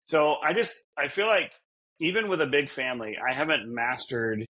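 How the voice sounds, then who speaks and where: A man's voice: fairly high pitch, big pitch swings, normal speed, bright, forceful tone, a little hiss or hum. A man co-hosting a podcast, chatting casually in a rambling, self-deprecating way and laughing often. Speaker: podcast co-host. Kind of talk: casual chat.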